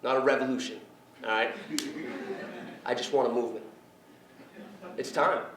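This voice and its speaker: A man's voice: mid-range voice, normal speed. Blunt, joking man. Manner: animated, blunt, joking, often swears. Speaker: guest speaker on addiction recovery. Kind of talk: informal public talk. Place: lecture room. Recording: echoey room, distant mic, faint noise.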